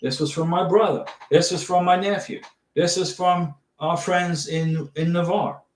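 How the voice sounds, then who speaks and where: A middle-aged livestreamer with a slightly high voice talks a little slowly and with fairly even intonation as he gives casual visa tips and reads viewer questions. He's chatty and reassuring, repeating and restarting often, in a room with noticeable echo.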